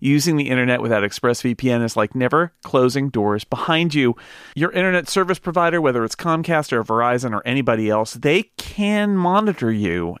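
A man's voice: mid-range voice, lively intonation, moderate pace, a bit bright, smooth, dry recording, studio quality. A man hosting a podcast, reading an ad and chatting casually about a film. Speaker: podcast host. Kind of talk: casual film discussion and read ad.

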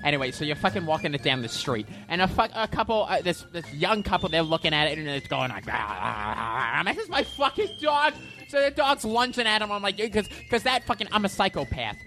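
A woman's voice: lowish voice, sing-song, quick pace, few pauses, fairly bright tone, faint music behind. A woman voicing a foul-mouthed, hot-headed man who rants manically in a comedy character monologue. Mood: ranting. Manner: profane, ranting, manic.

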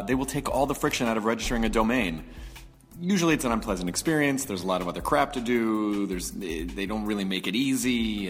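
A man's voice: fairly low pitch, fairly bright tone, big-room sound. A man hosting a podcast, casually reading a sponsor ad and introducing his guest. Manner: casual, rambling with fillers. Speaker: podcast host.

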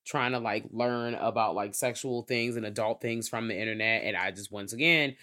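A man's voice: on the low side, moderate pace, sharp tone. Male podcast co-host, Southern US accent, easygoing reflective talker, swears freely. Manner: laid-back, profane, reflective commentary. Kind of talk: casual movie review chat.

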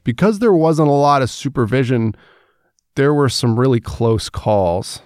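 A man narrates a documentary-style podcast. His lines are scripted, and he explains each step calmly. Faint music plays underneath. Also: medium pitch, a little slow, dry recording, clean studio sound. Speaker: host and narrator.

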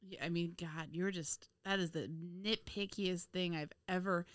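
A woman's voice: lowish voice, fairly even intonation, normal speed, no room sound, studio quality. A woman co-hosting a podcast, chatting casually about a TV episode, laughing often and teasing with exasperated swearing. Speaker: podcast co-host. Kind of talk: casual chat reviewing a TV episode.

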